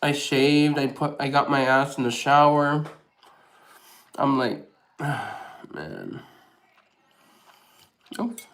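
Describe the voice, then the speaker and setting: Male mukbang host, unhurried and chatty, reads and answers comments between bites, laughs easily. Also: medium pitch, a bit bright. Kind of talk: casual live chat while eating.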